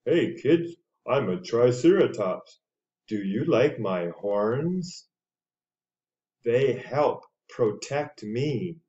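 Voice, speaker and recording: A man's voice: medium pitch, sing-song, drawn-out words, dark tone, dull audio. A man reading aloud as a friendly talking dinosaur introducing itself to children. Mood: cheerful. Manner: cheerful, childlike storybook reading.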